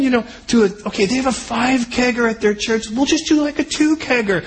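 A man's voice: extremely high pitch, a little fast, hardly any pauses, rough recording. A man preaching a sermon in a loose, conversational way, full of joking asides and sentences he breaks off and restarts. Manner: restarts and trails off mid-sentence. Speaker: pastor.

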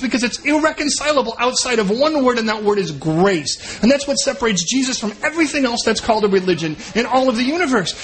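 A man preaching a sermon in an animated way, acting out the voices of the people he quotes. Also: extremely high pitch, slight background noise. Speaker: pastor.

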